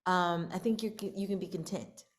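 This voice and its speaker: A woman speaks candidly in an interview, her voice sitting low. She thinks aloud, circling back with ums and restarts. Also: fairly even intonation, normal speed, a little hiss or hum. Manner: reflective, many fillers and restarts. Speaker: country singer and radio show producer.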